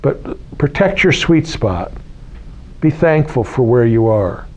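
A man's voice: medium pitch, animated, slow, darkish tone. Man giving a casual spiritual talk. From United States. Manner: conversational, repeats key phrases, asks listeners questions. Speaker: spiritual teacher. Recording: slightly dull lo-fi recording.

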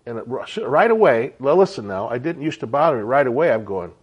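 Husky man teaching an informal sermon. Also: medium pitch, sing-song, fairly quick, hardly any pauses, dull audio. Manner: conversational, keeps asking rhetorical questions. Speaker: Bible teacher.

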